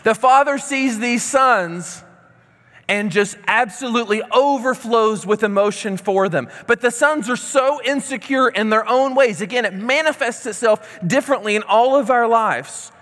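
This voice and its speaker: Male preacher, high voice, conversational scripture teaching, long hall reverb. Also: moderate pace, a bit bright. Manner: reads scripture aloud, then explains it conversationally. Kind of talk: sermon.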